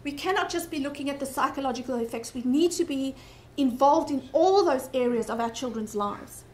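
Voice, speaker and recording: A woman's voice: high voice, brisk, a little mellow. A woman with a South African accent giving an earnest conference talk, often restarting her sentences. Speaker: conference speaker. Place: conference breakout room. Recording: echoey conference room.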